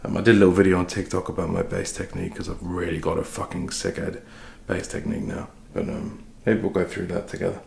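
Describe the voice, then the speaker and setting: A man's voice: sits low, little pitch movement, fast talker, creaky, few pauses, darkish tone, a little hiss or hum. A man chatting casually and swearing freely while cooking in his kitchen, talking through his day as a musician. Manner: chatty, sweary, self-deprecating. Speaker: musician vlogger. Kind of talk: casual rambling vlog. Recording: echoey kitchen with faint clatter.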